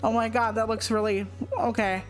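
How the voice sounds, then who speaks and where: Goofy high-voiced woman gamer. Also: steady tone, normal speed, faint music behind. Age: 40s. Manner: goofy, self-mocking, chatty. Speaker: gaming channel host. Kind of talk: casual let's play commentary.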